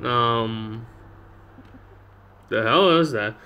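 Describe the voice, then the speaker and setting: Chatty gameplay host, lively pitch. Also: male voice, takes it slowly, pauses often. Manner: chatty, joking, laughs at the game. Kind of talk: casual let's-play commentary.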